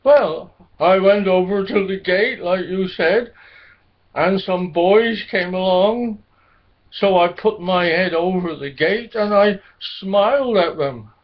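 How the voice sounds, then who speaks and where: Brief: man doing a mournful female storybook cow, high and slow, plaintive. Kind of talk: children's storybook reading. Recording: dull lo-fi recording.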